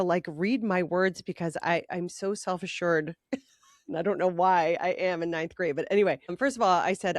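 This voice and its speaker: A woman's voice: fairly low pitch, no echo, clean studio sound. A middle-aged woman co-hosting a podcast, reading her teenage diary aloud and laughing at it in casual chat. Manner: animated, laughing at her own teenage writing. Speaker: podcast co-host.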